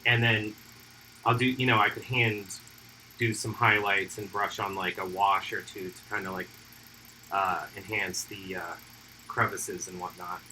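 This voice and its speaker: Bright-voiced man chatting while airbrushing. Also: sits low, unhurried, a little hiss or hum, rough recording. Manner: relaxed, thinks aloud while airbrushing. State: hiccuping. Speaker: miniature painting livestream host. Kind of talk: casual hobby livestream chat.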